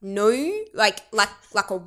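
A woman's voice: medium pitch, normal speed, smooth. A woman in her twenties with an Australian accent, chatting casually and animatedly as an interview guest. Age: 20s. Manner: chatty and animated, laughs often.

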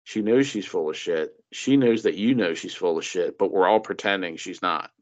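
Guy ranting casually, sarcastic and sweary, lowish voice, muffled recording. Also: moderate pace. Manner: mocking, animated impressions, profane. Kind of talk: casual political chat. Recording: dull lo-fi sound.

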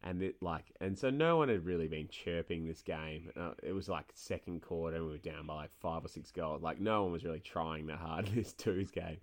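A man's voice: low voice, brisk, hardly any pauses. A young man co-hosting a podcast, telling rambling, sweary stories and laughing often in casual chat. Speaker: podcast co-host.

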